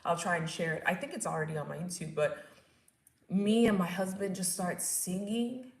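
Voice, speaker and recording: A young woman in her first years of motherhood, telling her own story in a casual, animated way and acting out what people said. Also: fairly low pitch, moderate pace, creaky. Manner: animated, acts out quotes and screams, laughs at herself. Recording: echoey room.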